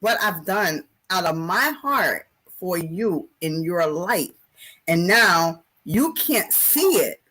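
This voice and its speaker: A woman's voice: on the low side, sing-song, slow, fairly bright tone, breathy edge, low-quality recording. A woman hosting a podcast conversation, affirming and emotionally open, speaking reflectively. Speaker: podcast host. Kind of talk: casual chat.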